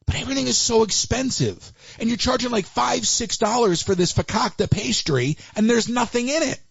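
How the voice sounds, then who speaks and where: Lively chatty guy hosting a live call-in, fairly high voice, dry dull audio. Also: slightly rough, no echo. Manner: animated, laughing, chatty, Yiddish asides. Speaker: livestream host taking calls. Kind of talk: casual chat.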